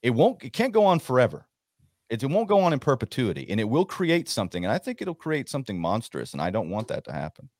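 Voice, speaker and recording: A man's voice: mid-range voice, wildly swooping pitch, fast, a little mellow, dry recording, clean studio sound. A man on a livestream panel making an earnest, emphatic point. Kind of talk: casual livestream panel talk.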